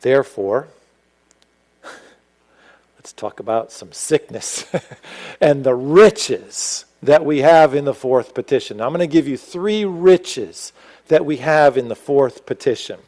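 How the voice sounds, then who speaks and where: A man preaching a sermon as pastor, animated and rising to emphatic exclamations. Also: mid-range voice, slow, rough recording.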